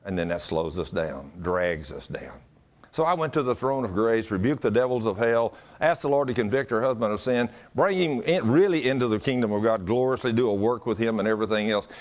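A pastor telling a story in a sermon, folksy, animated and often chuckling. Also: male voice, lowish voice, fairly quick.

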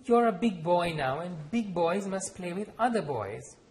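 Man reading as a firm, brisk mother. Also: high voice, animated, slight background noise, pitched above the performer's own voice. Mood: stern. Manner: firm, clipped commands.

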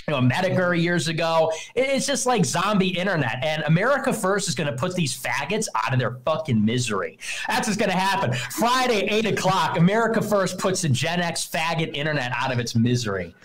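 A man with a fairly high voice hosts a livestream. He talks in a profane, mocking rant that runs fast from one jab to the next. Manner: profane, mocking, rapid-fire ranting. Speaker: livestream host. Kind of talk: heated livestream talk.

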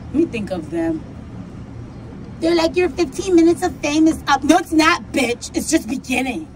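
A woman's voice: high voice, slight background noise, rough recording. A woman rehearsing a comic persona, talking in a theatrical, profane way with mock outrage. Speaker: comedic performer.

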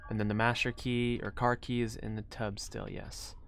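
A bright, forceful young male voice narrating his own live gameplay. He mutters to himself between moves and now and then bursts into loud, startled yelps. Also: fairly low pitch, level tone, normal speed, vocal fry, faint music behind. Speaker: gaming streamer.

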